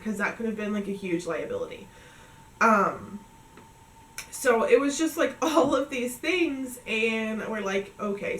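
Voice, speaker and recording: A woman's voice: a little high, reverberant, far from the mic, slight background noise, poor audio. A woman in her thirties from New England, telling a long trip story in a chatty way, full of "like" and acted-out dialogue. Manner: chatty, filler-heavy retelling with quoted dialogue. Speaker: family vlogger. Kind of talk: casual storytelling recap.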